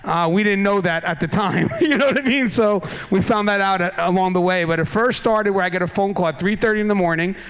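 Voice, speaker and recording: A man with a high, light voice gives a keynote speech from a conference stage, speaking into a microphone. He tells a funny travel story in a loose, chatty manner, swearing now and then and chuckling along. The delivery feels like talking with friends rather than lecturing. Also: a little fast, hardly any pauses, clear, resonant tone. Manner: animated, casual storyteller who swears and laughs at his own story.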